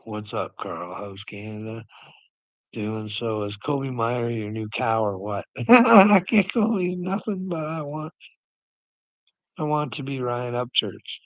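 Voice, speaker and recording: A man's voice: mid-range voice, lively intonation, takes it slowly, dry recording, rough recording. A man hosting a casual livestream, ranting profanely and rambling, laughing often as he talks. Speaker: livestream host.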